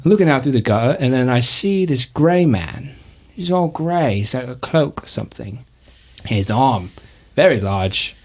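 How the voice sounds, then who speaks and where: A man's voice: mid-range voice, lively intonation. A man doing a jittery orphan young man. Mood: nervous. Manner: rambling, halting, fearful storytelling.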